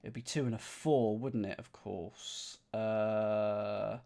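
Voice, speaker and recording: A man's voice: on the low side, fairly even intonation, slow, creaky, mellow. Man thinking aloud over a puzzle game. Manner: thinks aloud, counts squares under his breath. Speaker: gaming streamer. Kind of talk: casual puzzle-game commentary.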